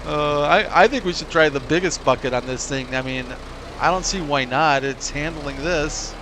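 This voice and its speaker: A man's voice: on the high side, moderate pace. Chatty man over game engine noise. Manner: chatty, laughs to himself, muses aloud. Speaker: let's play host. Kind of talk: casual gameplay commentary. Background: tractor and engine sounds from the game.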